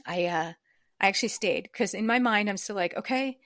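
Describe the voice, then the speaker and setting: A woman guest in an interview, telling a personal story reflectively, with frequent fillers and soft laughs. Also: mid-range voice, brisk, no echo, studio quality. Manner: reflective, acts out remembered dialogue. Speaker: podcast guest.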